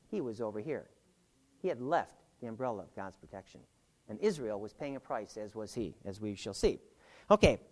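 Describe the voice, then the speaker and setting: A Bible teacher reading scripture aloud and explaining it, with joking asides and puns, who repeats key points for emphasis. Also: mid-range voice.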